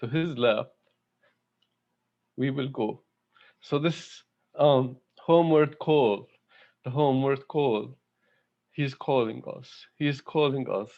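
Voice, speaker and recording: A man speaks at an online devotional gathering, drawing out his words slowly and haltingly. His tone is heartfelt, with frequent pauses and fillers. The sound is dull and lo-fi, like audio from a video call. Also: medium pitch, gravelly. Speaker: satsang speaker. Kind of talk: devotional talk.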